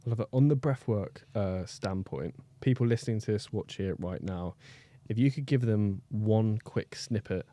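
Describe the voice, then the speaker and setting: A male podcast host with a low, mellow voice, asking his guest questions in a casual and friendly way. The recording is dry and close. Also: moderate pace, few pauses, no echo.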